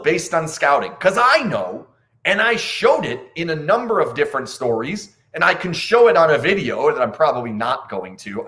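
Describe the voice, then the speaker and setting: A man hosting a casual hockey show, breaking down a game bluntly and with disbelief, swearing now and then. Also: medium pitch. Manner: blunt, animated, swears, incredulous. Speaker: hockey podcast host. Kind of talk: casual post-game analysis.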